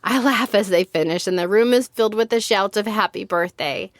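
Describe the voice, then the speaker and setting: A woman reading her own children's story aloud, narrating in an expressive storybook manner. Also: mid-range voice, fairly quick, dry recording, clean studio sound.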